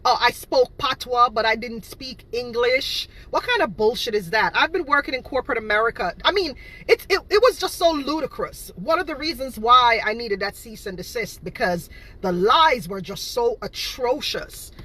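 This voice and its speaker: A home cake seller from Boston, Massachusetts rants straight to camera about her cake business and her critics. Her slightly high voice is animated, pushed, and bright at a normal speed, and she's indignant and emphatic, repeating herself, on a rough recording.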